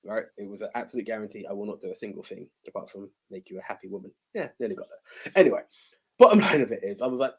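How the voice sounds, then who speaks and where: A man's voice: fairly low pitch, expressive, very fast, breathy edge. A man co-hosting a podcast in casual chat, telling stories animatedly with many restarts. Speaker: podcast co-host.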